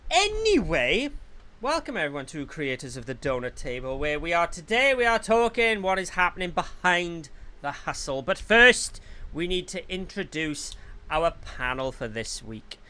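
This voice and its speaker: A man's voice: on the high side, very animated, normal speed, bright, forceful tone. A man from Wales hosting a live podcast, bubbly and jokey in casual chat, poking fun at himself. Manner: bubbly, jokey, self-mocking. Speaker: podcast host.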